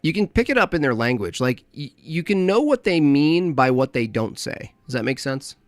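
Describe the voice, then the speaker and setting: A man's voice: a little high, big pitch swings, moderate pace, no room sound, studio quality. A man hosting a livestream, reacting to a clip with crude, mocking, rambling commentary.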